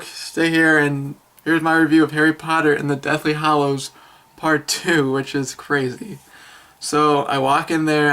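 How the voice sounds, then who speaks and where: A young man of eighteen giving an excitable, rambling film review vlog with many fillers and restarts. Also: a little high. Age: young adult.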